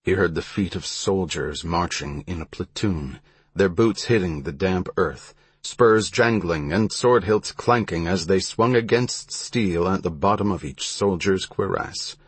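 A man reading a historical story aloud in measured, even scripted narration. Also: sits low, husky, no room sound.

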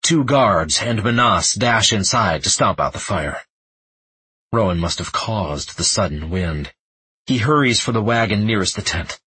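A man narrating a fantasy audiobook in the first person, tense and measured. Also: fairly low pitch, expressive, bright, forceful tone, slightly rough, no room sound, rough recording.

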